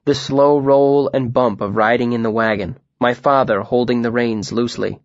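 A man narrates a story as an audiobook, speaking quietly and reflectively at a measured pace. His middle-pitched voice holds a steady tone, and the sound is dry, slightly dull, and free of echo.

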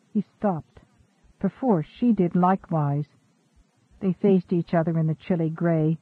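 A man reads a novel aloud in a steady, even narrator's voice. His voice sits high and comes through a tinny, phone-like band. The recording is dry. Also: unhurried, dry recording. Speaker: audiobook narrator. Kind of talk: scripted narration.

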